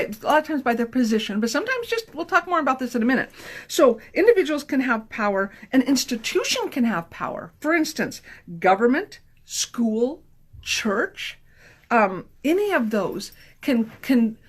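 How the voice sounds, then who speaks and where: A middle-aged woman counselor teaching in a casual, lively way, acting out little scenes and often checking in with her listeners. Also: on the high side. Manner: lively, acts out little scenes with changed voices.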